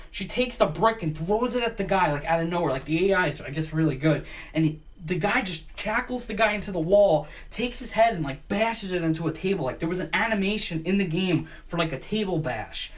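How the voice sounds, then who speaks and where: A young man giving a rambling, excitable gaming commentary, full of fillers and swearing. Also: on the high side, distant mic. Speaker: gaming vlogger.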